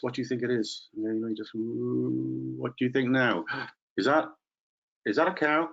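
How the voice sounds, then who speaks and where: A man's voice: mid-range voice, steady tone, normal speed, creaky, muffled recording, faint music behind. Playful man teaching an online webinar. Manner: playful, chatty, addresses participants by name. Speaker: teacher trainer.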